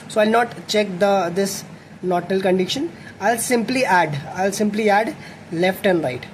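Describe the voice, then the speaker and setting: A young man teaches a coding lesson, thinking aloud and correcting himself as he writes code. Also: high-pitched. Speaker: coding tutor. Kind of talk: explaining code while writing. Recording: faint background noise.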